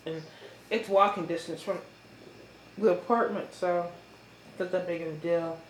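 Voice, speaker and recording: A woman talking in a casual, halting monologue full of fillers, chewing as she speaks. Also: lowish voice, steady tone. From United States. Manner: rambling, halting, with many fillers. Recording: echoey room with faint noise.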